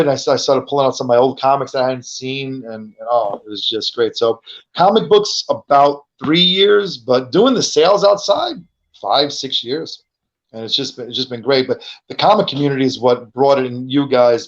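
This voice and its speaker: A New man in his fifties talks loosely as a podcast guest, stumbling over his words and circling back as he tells his story. His voice sits at an ordinary pitch. The recording has a dull, muffled, lo-fi quality. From New York. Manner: rambling, stammering repeats. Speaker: guest, comic book street seller. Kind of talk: casual podcast chat. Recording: dull lo-fi sound.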